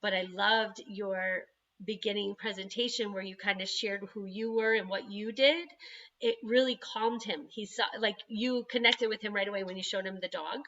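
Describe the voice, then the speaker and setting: Bright-voiced mother chatting over video call. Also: medium pitch, moderate pace, lo-fi sound. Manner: chatty, animated storytelling with frequent laughs. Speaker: parent of an autistic son. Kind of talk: casual video-call chat. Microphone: computer microphone on a video call.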